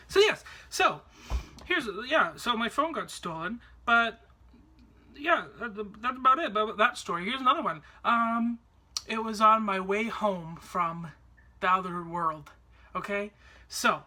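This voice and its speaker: Bright-voiced man telling stories. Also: high-pitched. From Canada. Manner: chatty, rambling, with many fillers and restarts. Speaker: vlogger. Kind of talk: casual storytelling to camera.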